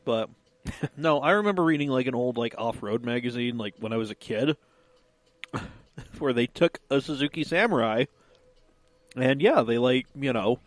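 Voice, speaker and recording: A man's voice: mid-range voice, expressive, moderate pace, long pauses, no room sound. A man co-hosting a casual car podcast, who is laid-back and self-mocking and laughs often. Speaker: podcast co-host.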